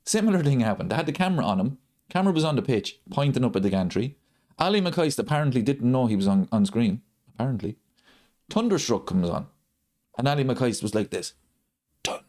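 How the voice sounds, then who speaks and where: A man's voice: medium pitch, expressive, brisk, darkish tone. A man hosting a live football watchalong, ranting and repeating his points for emphasis. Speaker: host of a football watchalong channel. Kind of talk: live stream chat.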